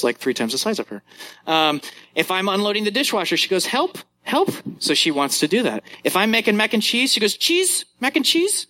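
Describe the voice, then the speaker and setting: A young male youth pastor delivers a sermon with a bright, forceful tone. He tells stories with lively jumps in pitch, acting out little moments as he goes.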